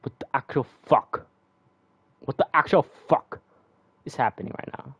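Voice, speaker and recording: A young man giving loud, swearing, exasperated commentary while playing a game. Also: mid-range voice, moderate pace, breathy edge, dry recording. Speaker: gamer streamer. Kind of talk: casual gameplay commentary.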